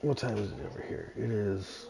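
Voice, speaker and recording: A man's voice: lowish voice, normal speed, vocal fry, crowd noise. A man hosting a casual livestream, chatting with viewers and explaining his gameplay while laughing often. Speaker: streamer.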